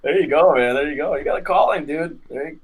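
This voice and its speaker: A man's voice: a little high, quick pace, rough recording. A man who is a manga creator guest on a podcast, chatting casually and enthusiastically with frequent laughs. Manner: enthusiastic, laughs often, many fillers. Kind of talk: casual chat.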